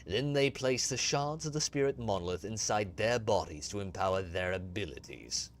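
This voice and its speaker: A man voicing an ancient alien Harlequin mystic in a low, hushed, grave voice, reading a game aloud. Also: expressive, normal speed, slight background noise, lightly acted.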